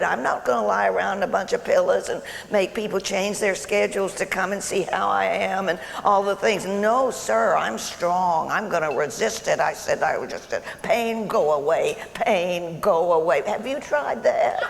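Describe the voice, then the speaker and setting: A woman's voice: medium pitch, normal speed, vocal fry, few pauses. A woman playing a tactless, self-absorbed female visitor to a sick friend, chattering and stammering in a comic stage monologue. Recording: echoey hall, faint room noise.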